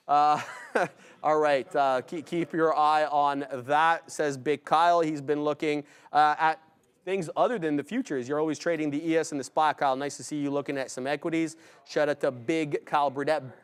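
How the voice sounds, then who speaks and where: A man with a smooth, resonant voice talks through his live trades at a brisk clip. He shouts out viewers by name and keeps a steady, chatty patter on charts and price levels. His voice sits a touch high for a man. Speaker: day-trading stream co-host. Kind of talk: live trading commentary.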